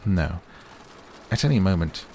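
A man's voice: deep voice, expressive, measured pace, dark tone, slight background noise. A man voicing a pompous, long-winded old male owl, with faint rain behind.

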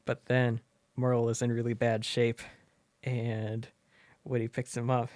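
A man's voice: medium pitch, measured pace, no echo. A man in casual chat retelling a story with lots of laughter, slipping into character voices. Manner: animated, laughs often, acts out characters.

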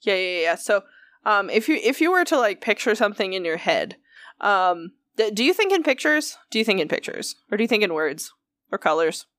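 Woman, podcast co-host, casual chat, animated, giggly, sweary, dry sound. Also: medium pitch, fairly quick, no room sound.

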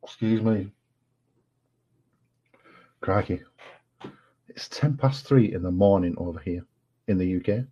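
Speaking from home late at night, this English-accented livestream guest has a low, dark, slightly rough voice and a measured pace with frequent pauses. His chat is casual, rambling and apologetic, full of fillers, and the home recording sounds dull and lo-fi.

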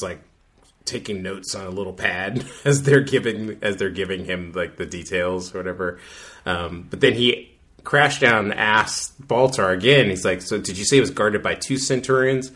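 Man, very low voice, casual podcast recap, rambling with fillers. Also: pushed and bright. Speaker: podcast co-host.

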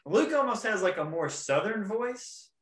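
A man's voice: high voice, sing-song, a little slow. A young man hosting a podcast in casual chat, rambling, laughing and trying out impressions. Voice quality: describes own voice as weaselly. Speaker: podcast host. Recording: echoey room.

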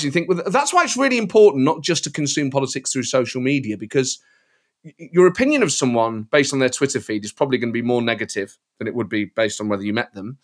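A man guesting on a podcast, chatting in an animated storytelling way. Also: a little high. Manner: animated, storytelling, slips into impressions. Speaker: guest, satirist and impressionist. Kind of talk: casual podcast chat.

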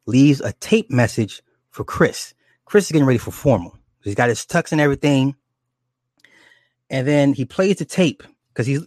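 A man casually retelling a horror movie's plot in a rambling, animated and profane way, with many restarts. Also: medium pitch, dry recording, studio quality. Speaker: storyteller recounting a horror movie.

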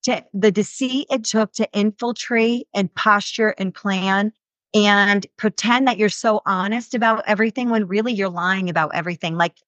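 An animated woman in her thirties talks freely as a reality show cast member, dropping "like" again and again as she goes. Her voice sits at a middle pitch for a woman. The recording is dry and a bit dull, with little room sound. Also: normal speed, dry recording. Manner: animated, frequent "like" fillers. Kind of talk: casual interview answers.

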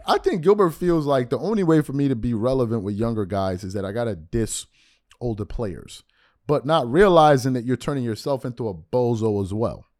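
A man in his forties hosting a solo sports podcast, talking straight to the mic with animated, mocking rants. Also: mid-range voice, no echo, studio quality. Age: 40s. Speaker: podcast host.

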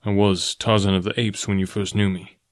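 A man voicing a strong, fierce but tender jungle man in a storybook reading, low and firm. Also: level tone, moderate pace, natural voice. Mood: earnest, fierce.

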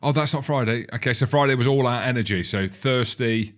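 Man, podcast co-host, teasing, interrupts with questions, middle pitch. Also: fairly quick. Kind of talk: casual banter.

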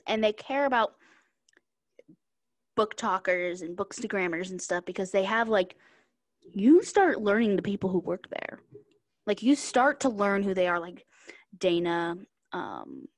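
A woman's voice: mid-range voice, lively intonation, a little slow, no room sound, clean studio sound. A woman co-hosting a podcast in casual chat, rambling and searching for the right word. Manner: rambling, searches for words, repeats herself. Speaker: podcast co-host.

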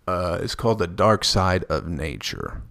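A man's voice: low voice, sing-song, measured pace, vocal fry, a bit bright, no room sound, studio quality. A man hosting a podcast, rambling through a profane comedic monologue and laughing at his own jokes. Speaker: podcast host.

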